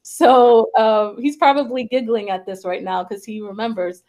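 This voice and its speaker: Woman, talk host, somewhat high voice, chatty storytelling, lots of fillers, acts out quotes. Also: fairly even intonation, moderate pace, dark tone. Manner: chatty, heavy on 'like' and 'you know'. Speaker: show host and psychic medium. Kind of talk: casual storytelling chat.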